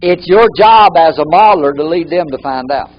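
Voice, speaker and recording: A man's voice: fairly high pitch, expressive, moderate pace, lo-fi sound. A man teaching a live training workshop, often repeating key phrases for emphasis.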